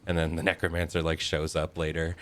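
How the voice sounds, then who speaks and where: A man's voice: very deep voice, monotone, quick pace, a bit bright, slight background noise. A man co-hosting a horror game stream, chatting casually and telling stories with a ready laugh. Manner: laughs often, retells stories with acted voices. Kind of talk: casual gaming chat.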